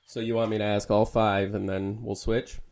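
A man's voice: fairly low pitch, level tone, normal speed, darkish tone. A young man co-hosting a casual podcast, joking and swearing while running movie trivia with a friend. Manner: laughing, swearing, playful quizmaster. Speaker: podcast co-host. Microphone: handheld camera.

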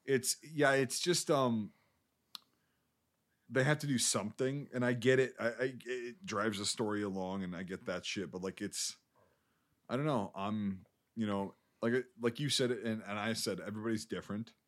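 A man's voice: fairly low pitch, fairly even intonation, normal speed. A man co-hosting a podcast, rambling through a casual film discussion with lots of fillers and swearing. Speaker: podcast co-host.

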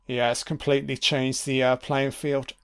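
A man's voice: mid-range voice, little pitch movement, normal speed, smooth. A man giving a casual, sweary and wry commentary over a film.

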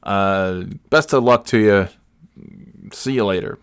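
A man hosting a podcast, telling a rambling, self-correcting story in casual chat and jumping up in pitch when he quotes people. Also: takes it slowly, clean tone, dry recording. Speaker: podcast host.

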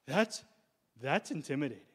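A young male pastor with a slightly high voice delivers a sermon at a moderate pace on a slightly rough recording. He talks loose and slangy, like a relaxed preacher addressing his congregation directly, then lands his main points with forceful, weighty declarations.

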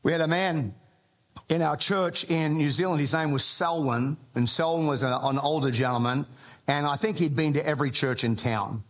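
Male pastor, slightly high voice, chatty and humorous sermon delivery. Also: moderate pace, fairly bright tone. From Australia. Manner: conversational storytelling with humour.

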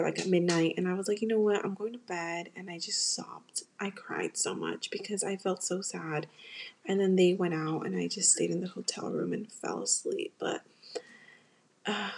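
A woman's voice: lowish voice, a little mellow, slight background noise. A young woman from the United States hosting a podcast, telling a personal story in a candid, emotional way and talking straight to her listeners. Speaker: podcast host. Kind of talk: casual confessional storytelling.

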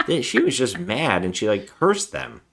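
A man's voice: medium pitch, very animated, moderate pace, creaky, fairly bright tone, breathy edge. A man co-hosting a casual film review podcast, animatedly retelling scenes and acting out the lines. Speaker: podcast co-host.

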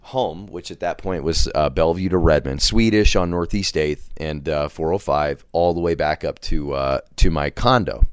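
A man with a low, deep voice tells a crude story in a studio, swearing freely and slipping into the voices of people he quotes. The sound is dry and close, with no room echo. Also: normal speed, few pauses, clean tone. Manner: animated, swearing, acts out quoted lines. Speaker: podcast guest. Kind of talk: casual profane storytelling. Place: podcast studio.

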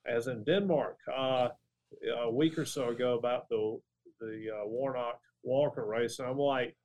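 Male academic, middle-aged, medium pitch, measured explainer voice for an interview guest. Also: fairly even intonation, darkish tone, rough recording. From Georgia, USA. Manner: thoughtful, restarts phrases with "and, and" and "uh" while explaining. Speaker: political science professor, guest. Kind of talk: conversational interview.

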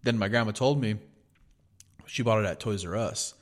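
A young man with a somewhat low voice. He co-hosts a podcast in easygoing chat and tells stories loosely, with plenty of swearing and "dude.". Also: normal speed. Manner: laid-back, profane storytelling, says "dude" a lot. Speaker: podcast co-host. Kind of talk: casual chat.

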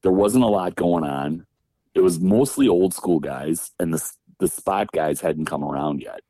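Here the same kind of guest, an ex-pro wrestler from Wisconsin, USA, recounts life on the road in a relaxed interview. He speaks at a moderate pace in a deep, mellow voice, imitating the people he quotes and laughing a lot, with a close, dry recording and no room sound.

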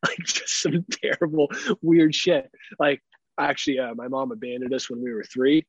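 A man in his thirties, a podcast co-host, swearing and laughing as he tells animated stories in casual chat. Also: mid-range voice, normal speed, husky, dry recording, dull audio. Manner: animated storyteller, swears a lot, laughs often.

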